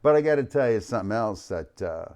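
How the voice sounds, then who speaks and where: A man hosting a live online show, talking in an energetic, playful way, calling out names from the chat and dropping low at the ends of lines. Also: fast talker. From United States. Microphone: studio mic.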